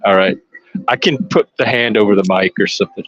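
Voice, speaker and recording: A man, casually commenting on a parade live for listeners, excitable and chatty. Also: lowish voice, a little fast, muffled recording. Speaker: live stream panelist. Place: outdoors at a street parade.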